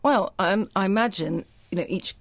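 A woman being interviewed as a food writer, speaking articulately in measured, elaborated sentences with asides. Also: medium pitch, gravelly, no room sound. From Britain. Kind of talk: interview conversation.

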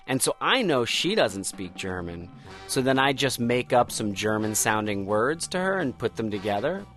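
A man's voice: medium pitch, normal speed, soft background music. A comedian in his thirties telling a personal story, acting out the dialogue as he goes. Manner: animated, acts out dialogue.

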